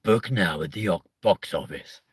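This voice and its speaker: A man putting on the voice of a dramatic male movie-trailer announcer, with a slow, portentous delivery. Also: deep voice, breathy edge, no echo. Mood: announcing.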